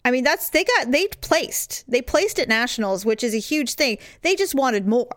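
A middle-aged woman co-hosting a show, telling stories in casual chat, candid and animated with blunt swearing. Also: high-pitched, moderate pace, dry recording, clean studio sound. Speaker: podcast co-host.

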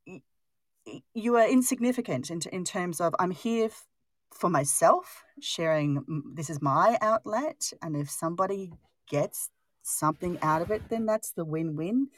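A woman's voice: on the low side, animated, moderate pace, no echo. A middle-aged woman who creates audio content, chatting casually in a frank, blunt way and swearing freely. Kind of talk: casual chat.

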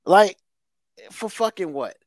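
A high-voiced man rants on a podcast, heated and profane, circling back to the same gripe again and again. The sound is close and dry, with no room around it. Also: expressive, takes it slowly, no room sound. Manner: heated, swears constantly, emphatic repetition. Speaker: podcast co-host. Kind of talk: casual profane rant.

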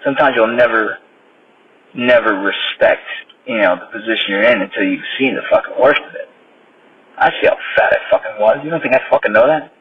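A man's voice: lowish voice, fairly quick, husky. Blunt, swearing man ranting on a podcast. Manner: blunt, swears constantly, frustrated. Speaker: podcast host. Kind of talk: profane motivational rant. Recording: slightly dull sound with faint noise.

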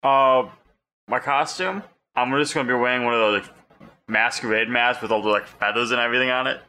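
A man talking casually and quickly through his part in a tabletop game, often with fillers. His voice is bright, with faint room noise behind him. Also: mid-range voice. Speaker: player.

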